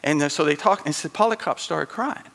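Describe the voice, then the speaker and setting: A man preaching a sermon with animated storytelling, acting out the voices in his stories with chuckling asides. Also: a little high, brisk, vocal fry.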